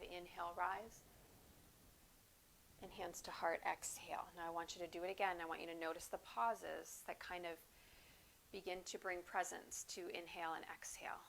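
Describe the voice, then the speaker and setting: A woman teaching a yoga class, calmly cueing breaths and poses at an unhurried pace. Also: fairly low pitch, gravelly, a little hiss or hum. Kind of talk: guided yoga class instruction.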